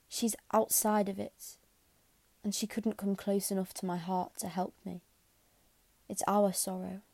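A woman voicing a grieving, earnest orphan girl who pleads emotionally, in a mellow voice. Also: medium pitch, no echo.

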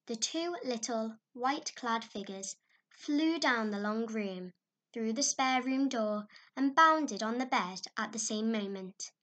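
A woman narrating a classic storybook in an expressive, animated way. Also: fairly high pitch, slow pace.

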